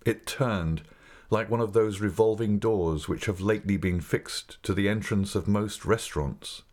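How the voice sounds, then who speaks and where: Deep-voiced man reading a novel aloud. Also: unhurried, a little mellow. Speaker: audiobook narrator. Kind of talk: scripted narration.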